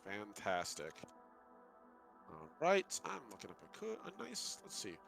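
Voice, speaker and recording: A man running a tabletop game as game master, calmly narrating actions step by step. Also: lowish voice, unhurried, vocal fry, faint music behind.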